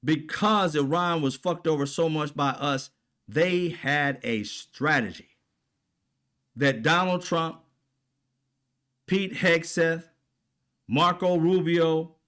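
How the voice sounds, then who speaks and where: A man with a fairly high voice rants through a heated political commentary. He swears freely and fires rhetorical questions at his listeners in an indignant, combative tone. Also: slow pace, pauses often, fairly bright tone. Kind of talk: ranting commentary.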